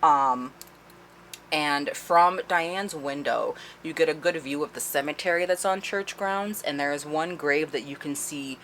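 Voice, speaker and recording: A woman with a low voice recaps a book's plot in a loose, conversational way. She swears freely and laughs as she goes. A faint background noise sits under her voice. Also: unhurried, a bit bright. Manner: chatty, profane, laughing as she retells. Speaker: book reviewer. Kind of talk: casual spoiler-filled book recap.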